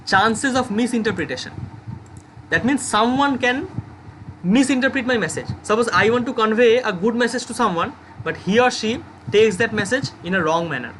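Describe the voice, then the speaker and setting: A man's voice: very high-pitched, moderate pace, sharp tone, rough recording. A young man with an Indian English accent teaching an online class, explaining with many "okay" checks and worked examples. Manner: explains with repeated okays and supposed examples. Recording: background noise, passing vehicles.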